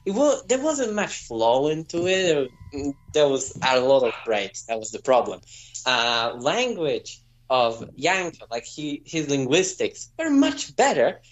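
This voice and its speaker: A Polish man speaking English in casual talk with friends, hesitant and full of "like" and pauses. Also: medium pitch, very animated, muffled recording. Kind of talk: casual banter among friends.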